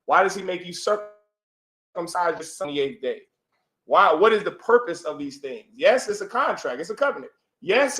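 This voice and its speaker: A man with a fairly high, bright, forceful voice leads a religious class before an audience, firing repeated rhetorical questions and calling on people for answers. The room echoes.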